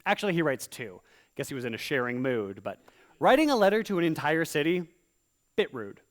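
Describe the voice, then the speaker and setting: A man performing stand-up comedy in rhyme on a live stage, slipping into quick voiced asides. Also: a little high, very animated. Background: audience laughter.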